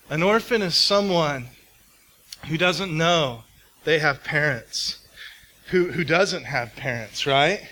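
A man delivers an earnest sermon in a high, ringing voice. He goes soft and close on tender words and picks up speed when he tells a story. A faint hum of the room sits behind him. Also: poor audio. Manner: earnest, speeds up when telling stories, drops to soft intimate tones. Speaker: preacher.

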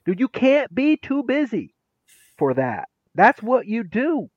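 Middle-aged male educator, guest, emphatic and slangy, very lively intonation, dry close sound. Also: extremely high pitch, takes it slowly, dry recording, lo-fi sound. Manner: emphatic, punchy delivery with casual slang. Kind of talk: animated storytelling in conversation.

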